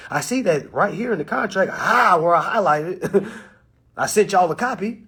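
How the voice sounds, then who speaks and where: A man giving a casual live-stream lecture, animated and full of rhetorical questions. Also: sits high, moderate pace, husky. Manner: animated, rhetorical questions, acts out phone calls. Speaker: live-stream presenter teaching contract tactics.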